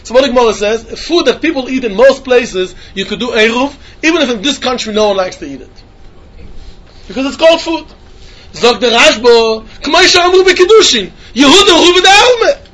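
Fast high-voiced man teaching Talmud. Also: expressive, fairly bright tone. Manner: quick sing-song study chant, mixing English with Hebrew and Yiddish. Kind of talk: yeshiva-style Talmud lecture.

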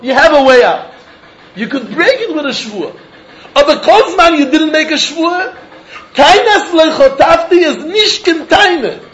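A man teaching a Talmud lesson in an animated, sing-song study cadence, often laughing as he argues. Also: very high voice.

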